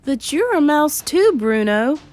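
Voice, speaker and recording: A calm young boy explains things patiently, with a dry, teasing edge, as a woman reading aloud puts him on. His voice sits a little high and lively. Faint music plays behind. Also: unhurried. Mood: calm persuading. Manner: patient, matter-of-fact, gently teasing. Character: calm, sensible young boy turned into a mouse.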